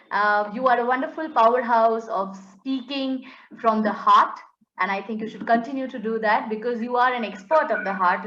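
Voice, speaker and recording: A woman speaking a little high as she gives a measured, encouraging evaluation to a speaker. Her voice comes over a video call that sounds dull and roomy, with a noticeable echo around it. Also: fairly bright tone. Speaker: general evaluator at a speaking club meeting. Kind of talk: giving spoken feedback on an online meeting.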